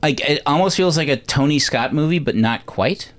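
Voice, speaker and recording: A man's voice: a little high, expressive, moderate pace, a bit bright. A man hosting a casual movie podcast, chatting and cracking jokes. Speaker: podcast host.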